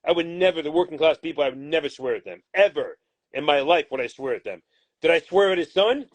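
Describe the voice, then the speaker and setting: A man's voice: fairly high pitch, fast, no room sound. A man, a boxing manager, answering interview questions in a blunt, combative way and swearing freely.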